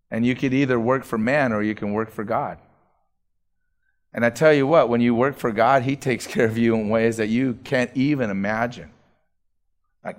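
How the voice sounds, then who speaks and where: A middle-aged man preaching a sermon as pastor, earnest, building emphasis through repeated phrases. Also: mid-range voice.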